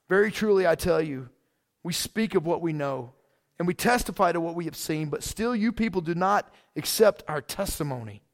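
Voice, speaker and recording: A man's voice: fairly high pitch, vocal fry. A male pastor preaching a sermon in a casual, fired-up way, often saying "man".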